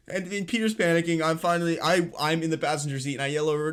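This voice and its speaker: A young man co-hosts a podcast, telling stories in a casual chat, acting out voices and laughing often. His voice is fairly high, and he talks fast.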